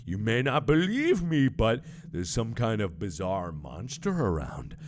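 Dude reading a blunt unfazed guy from a horror game, lowish voice. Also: very animated, a little slow. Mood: earnest. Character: young man, blunt and unflappable.

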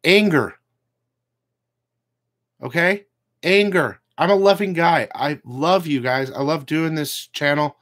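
A man's voice: a little high, normal speed, few pauses, a bit bright. A man hosting a comic book channel, ranting casually to his viewers, blunt and profane, with rambling asides.

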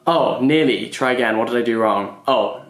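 A man's voice: mid-range voice, normal speed. A man vlogging about books, thinking aloud as he works through a puzzle, muttering guesses to himself and chuckling often. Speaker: book vlogger. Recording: roomy echo.

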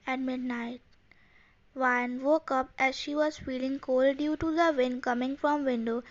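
A woman reading fan fiction aloud in a plain, even way, with non-native phrasing, on a dull lo-fi home recording. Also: high-pitched, unhurried. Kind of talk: story reading.

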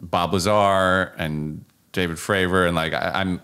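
A man's voice: low voice, fairly even intonation, measured pace, bright, forceful tone, clean tone. A man hosting a podcast, skeptical, asking short follow-up questions in casual chat. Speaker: podcast host.

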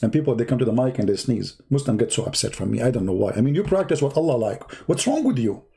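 A man hosting a live-stream debate, talking in a sarcastic, mocking, drawn-out way. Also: mid-range voice, sing-song, creaky, warm tone, husky.

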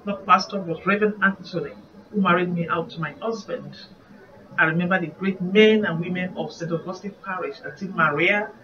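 A woman's voice: fairly low pitch, brisk. A woman evangelist with a Nigerian accent, giving an earnest, reflective devotional sermon. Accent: Nigerian English. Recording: muffled distant recording, faint background noise.

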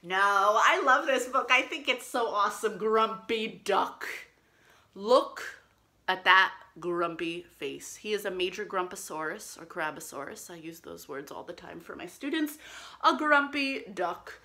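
A woman reading a picture book aloud at a children's storytime, animated and encouraging, with playful made-up words. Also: mid-range voice, unhurried. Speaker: children's librarian. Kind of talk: storytime read-aloud for kids.

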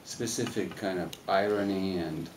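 A man on a film Q&A panel, talking in a rambling, animated way and laughing as he tells stories in a cinema hall. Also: sits low, moderate pace, far from the mic, background noise. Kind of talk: casual live Q&A storytelling. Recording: echoey hall, mic heard from afar.

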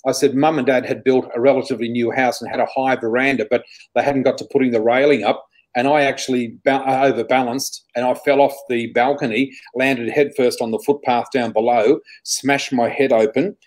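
A middle-aged man with an Australian accent speaks as an interview guest, sitting at a typical middle pitch for a man. He tells his stories in an animated, rambling way, restarting sentences as he goes. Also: brisk, rough recording. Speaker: guest psychic. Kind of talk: storytelling in an interview.

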